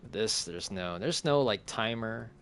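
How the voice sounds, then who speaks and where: A low-voiced man streaming a cozy renovation game, speaking slowly and easily. He chats with his viewers and chuckles as he goes. Soft game music plays underneath. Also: animated. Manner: laid-back, chuckles often, talks to chat. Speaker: gaming streamer. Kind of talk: relaxed gameplay commentary, reading chat. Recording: faint game music behind.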